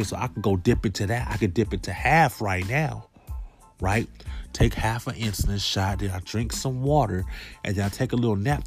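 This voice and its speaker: A man comedian riffing through loose, rambling slangy jokes in a monologue vlog. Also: lowish voice.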